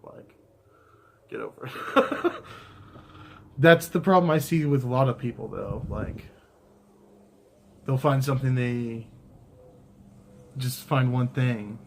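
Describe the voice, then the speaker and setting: Dry deadpan guy vlogging w his partner, mid pitch, lots of "like", faint noise. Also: slow pace, pauses often. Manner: dry, direct, lots of filler "like". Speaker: co-host, partner. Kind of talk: casual couple chat to camera.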